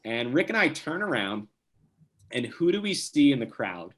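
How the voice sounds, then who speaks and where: A young man from New Jersey, a podcast guest telling a casual story with lively, quick restarts. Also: medium pitch. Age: young adult.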